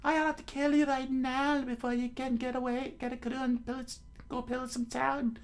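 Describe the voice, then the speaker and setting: A man voicing a fiery young woman who hates pirates, speaking in a shrill, high falsetto with open hostility. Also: slow. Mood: angry.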